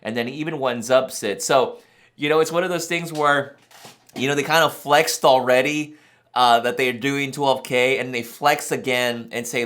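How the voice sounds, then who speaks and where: Excitable man rambling about cameras. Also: mid-range voice, normal speed. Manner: excitable, rambling, laughs in disbelief. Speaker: camera channel host. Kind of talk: excited casual reaction vlog.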